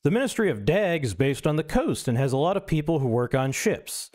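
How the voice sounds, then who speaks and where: A man's voice: on the high side, big pitch swings, fairly quick, a little mellow. A male streamer reading an essay aloud, breaking in with wry, self-mocking asides.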